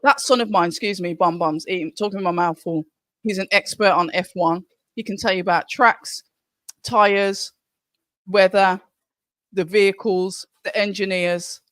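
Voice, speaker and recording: A woman's voice: medium pitch, steady tone, normal speed, a bit bright, no room sound, clean studio sound. A middle-aged woman hosting a live stream, chatting casually and reading viewer comments aloud from home. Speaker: livestream host.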